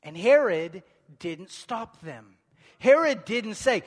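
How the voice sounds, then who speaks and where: A man preaching a sermon with emphatic repetition, building to shouts. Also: high-pitched, sing-song, slow pace. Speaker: pastor. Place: church hall. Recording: echoey church hall.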